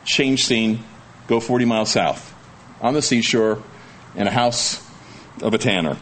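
A male pastor preaches a sermon, reading scripture aloud and then explaining it in a chatty, folksy manner with joking asides to the congregation. His voice is fairly low and a bit bright, unhurried, with slight background noise.

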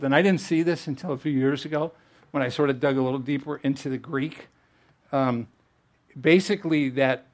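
Man preaching in a slightly high voice. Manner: conversational preaching with repeated restarts and emphatic rises. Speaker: pastor. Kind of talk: sermon.

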